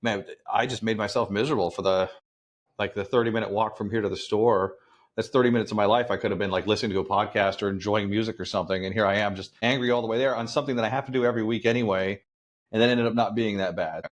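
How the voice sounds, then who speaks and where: Man, podcast co-host, low voice, quick, rambling. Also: steady tone. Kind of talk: casual podcast chat.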